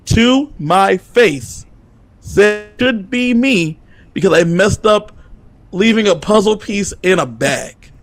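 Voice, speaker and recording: A man's voice: high voice, expressive, takes it slowly, no room sound. A man co-hosting a fan podcast who teases his co-host and argues his point in a matter-of-fact way. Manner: teasing, matter-of-fact arguing. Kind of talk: casual chat.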